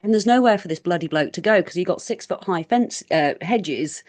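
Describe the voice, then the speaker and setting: A woman's voice: lowish voice, expressive, fairly quick, a little mellow. A woman guest on a podcast, telling a story in a rambling, chatty way and acting out quoted lines. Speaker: guest paranormal researcher. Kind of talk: casual storytelling interview.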